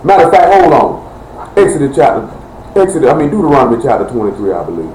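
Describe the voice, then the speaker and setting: A man's voice: medium pitch, expressive, fast talker, darkish tone. A man preaching a fiery live-streamed sermon in a heated, blunt and rambling colloquial way. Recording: echoey room with faint noise.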